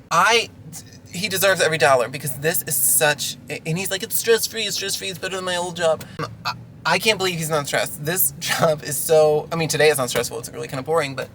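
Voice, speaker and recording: A man ranting casually in an animated, exasperated way while working as a delivery driver. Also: fairly high pitch, slight background noise, poor audio.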